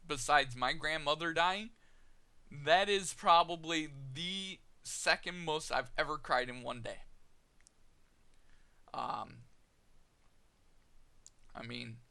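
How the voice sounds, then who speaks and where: A man recounts a deeply personal story straight to his viewers, pausing, repeating himself and restarting his sentences. His voice has a gravelly edge. The tone is bright and sharp. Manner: halting, many "you know" fillers and restarts. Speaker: vlogger.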